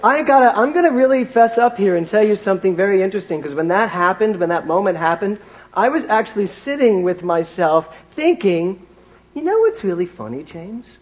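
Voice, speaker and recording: Speaking from the pulpit, a fifty-something minister from Britain pokes fun at himself in a chatty sermon that draws on a personal anecdote. He talks briskly in a high-pitched voice.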